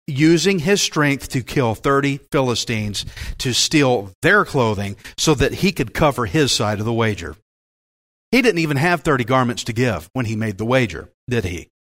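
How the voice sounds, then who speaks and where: A man preaching a Bible-teaching sermon as pastor, in a folksy, joking and animated way. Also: mid-range voice, moderate pace.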